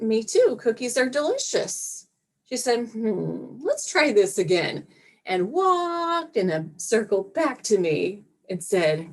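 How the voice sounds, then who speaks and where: Woman stand-up comic, deadpan, unhurried, pitch jumps around a lot. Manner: slow deadpan delivery with voiced impressions of her child. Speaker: stand-up comedian. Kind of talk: stand-up set.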